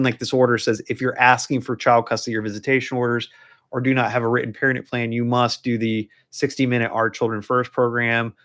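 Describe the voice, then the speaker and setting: A man's voice: medium pitch, fairly bright tone. Casual rambling man live-streaming legal commentary. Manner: casual, rambling, with many fillers and restarts. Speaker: divorce lawyer. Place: law office.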